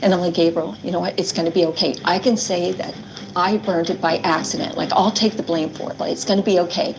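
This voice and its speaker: A middle-aged woman speaks in an interview, retelling events earnestly and quoting herself. Her voice sits somewhat low and has a gravelly edge. A faint hiss lies underneath. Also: fairly even intonation, fast talker, poor audio. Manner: earnest, quotes herself and others, many "like" fillers. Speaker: interviewee recounting her ordeal. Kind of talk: emotional testimony in an interview.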